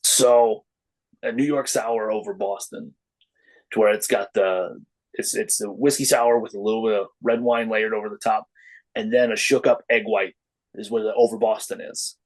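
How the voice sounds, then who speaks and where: A middle-aged wrestler appears as a podcast guest, chatting casually at a moderate pace on a rough recording. He tells stories and acts out the quoted voices with lively jumps in pitch.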